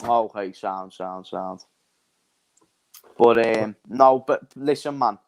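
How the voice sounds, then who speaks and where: A man's voice: lowish voice, takes it slowly. A man with a Scouse accent joining a football stream as a guest, chatty, laddish and emphatic.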